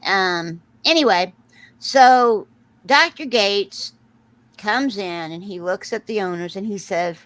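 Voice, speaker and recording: A middle-aged woman hosting a casual chat, telling a story with lively acted-out quotes and frequent laughter. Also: medium pitch, slow pace, no echo, rough recording. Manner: animated storyteller, acts out quotes, laughs often. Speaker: host.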